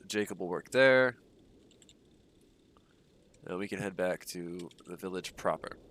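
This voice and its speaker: A young gaming streamer speaks a little slowly in a deep voice, sounding congested. His livestream commentary is relaxed and wandering, heavy with ums and uhs as he plays.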